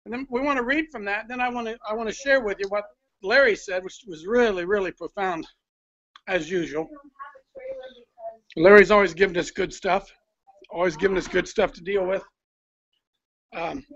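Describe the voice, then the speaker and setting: Man, high bright voice, rambling and apologetic host, in his house, on a phone, slightly dull audio. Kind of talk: casual live-stream chat. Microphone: phone held by the speaker.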